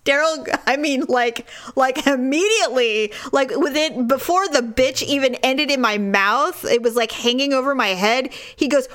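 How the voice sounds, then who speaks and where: Woman, forties, podcast co-host; lively, laughing storyteller, pitched a little high. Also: moderate pace, few pauses. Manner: animated storytelling, laughs often. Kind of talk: casual chat.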